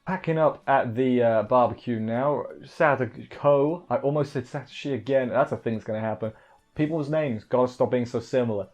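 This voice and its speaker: A man's voice: medium pitch, moderate pace, a little mellow. A man casually reviewing an anime episode, rambling off the cuff and correcting himself as he goes.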